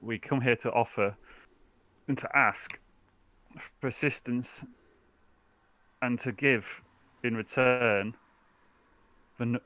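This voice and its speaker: Earnest dragonborn envoy played by a man, bright tone, measured formal delivery. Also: medium pitch, fairly even intonation, no room sound. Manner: slow, formal petitioning speech.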